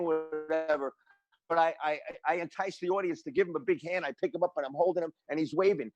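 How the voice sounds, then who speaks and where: An older man, a guest drummer telling stories in a casual interview, animated and rambling with many restarts. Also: sits high, dry recording.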